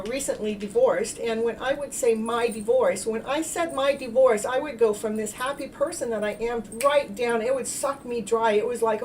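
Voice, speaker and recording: Expressive woman spiritual coach, a bit distant. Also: a little high, slight background noise. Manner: animated storytelling, acts out her own past thoughts with loud exclamations; halting, repeats and restarts words. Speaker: self-love coach and spiritual healer. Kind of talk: livestream talk to chat viewers.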